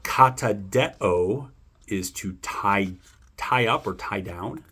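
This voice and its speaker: Man, lowish voice, slow and unhurried, self-correcting study walkthrough, faint hiss behind. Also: lively intonation, a bit bright, slightly rough. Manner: musing, self-correcting, thinks aloud. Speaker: language learner going over vocabulary.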